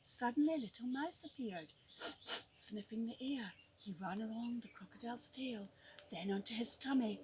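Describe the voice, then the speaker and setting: A woman teacher reading a picture book aloud to young children, animated and coaxing them to join in. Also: fairly high pitch, moderate pace, noisy background. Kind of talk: storybook read-aloud for children. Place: outdoors at a tree house.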